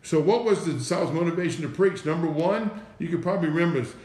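A man's voice: a little high, animated, fast, darkish tone. A man preaching an informal sermon, repeating phrases and firing off rhetorical questions with "right?" and "listen". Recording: echoey room.

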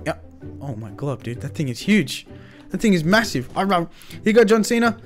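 A young man hosting an improvised game roleplay, talking in an excitable, slangy way and swinging between loud cheers and low mutters. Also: moderate pace. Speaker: roleplay host. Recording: faint music behind.

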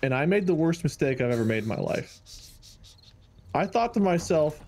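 Brief: easygoing male co-player, casual banter, a touch higher voice, faint noise. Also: big pitch swings, normal speed, long pauses, darkish tone. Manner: laid-back, chuckling storyteller. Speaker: streamer co-player.

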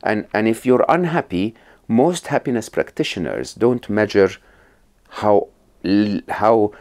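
A middle-aged man from Egypt with a low, deep voice that rises and falls in wide, lively swings. He talks as an interview guest, telling stories and laying out ideas, often restarting mid-sentence and checking in with "right?" and "okay?". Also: a little slow. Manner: animated storyteller, frequent restarts and "right?" check-ins. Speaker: podcast guest. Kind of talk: conversational interview.

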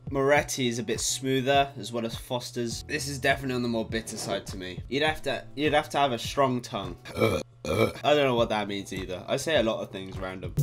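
A nineteen-year-old British man chatting casually to camera in a home vlog, rambling, excitable and swearing freely. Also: mid-range voice, a little fast, faint music behind. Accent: British English. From Britain. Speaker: YouTuber. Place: home room at night.

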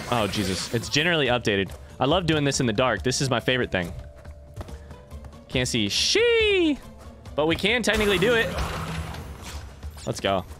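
A young man casually commenting while he plays a game and chats with viewers, breaking into yelps and shouts when things go wrong. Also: medium pitch. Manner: excitable, swings into yelps and shouts at failures; chatty with chat, reads messages aloud. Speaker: streamer playing a game. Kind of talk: casual let's play commentary.

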